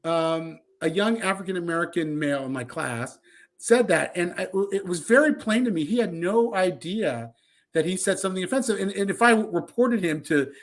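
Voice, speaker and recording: Man, high voice, thoughtful, conversational, podcast co-host. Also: animated, moderate pace. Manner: thoughtful, loose storytelling with fillers.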